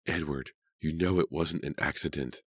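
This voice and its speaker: A man's voice: rumbling low, fairly even intonation, normal speed, husky, no echo, clean studio sound. Man doing a stern, demanding older man. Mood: angry. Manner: demanding, firm.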